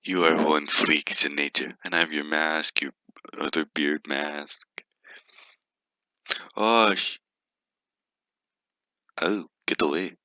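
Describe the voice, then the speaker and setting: A man's voice: a bass voice, little pitch movement, measured pace, sharp tone, no echo. Man, teasing gameplay commentary, dry close sound, dull lo-fi audio, giggly, mutters and hums. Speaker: gaming video creator.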